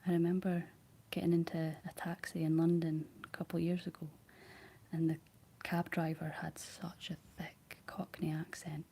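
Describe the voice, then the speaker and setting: Whispering Scottish woman, flat and low. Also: normal speed, gravelly, breathy edge. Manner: soft whispered rambling while painting. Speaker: ASMR livestream host. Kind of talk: whispered ASMR chat.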